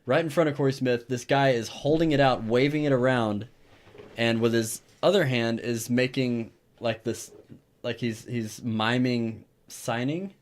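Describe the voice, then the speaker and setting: A man's voice: mid-range voice, fairly even intonation, unhurried. A man co-hosting a podcast, telling a story in casual chat and swearing freely. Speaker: podcast co-host.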